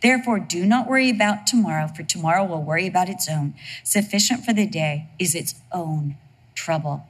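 A woman preaching a sermon in a lively, humorous storytelling way. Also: fairly low pitch, fairly quick, breathy edge.

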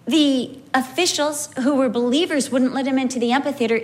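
A woman preaching a sermon in a storytelling way. Her voice sits fairly high. She stretches key words slowly and swings her pitch widely for emphasis. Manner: animated, wide pitch swings, slow emphatic phrasing.

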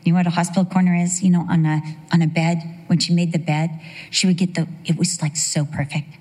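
A woman's voice: lowish voice, flat delivery, fast, warm tone, husky. A middle-aged woman delivers a sermon in a storytelling way, acting out the voices of the people she quotes. She drops in humorous asides as she goes. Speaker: women's Bible teacher. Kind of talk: sermon with personal stories.

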